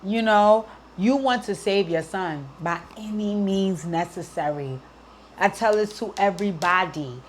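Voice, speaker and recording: A woman's voice: medium pitch, a little slow, slight background noise. Woman host, heartfelt advice, emotional and earnest, mid-range voice. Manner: emotional, earnest, near tears, frequent "right?". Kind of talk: heartfelt advice talk to a listener.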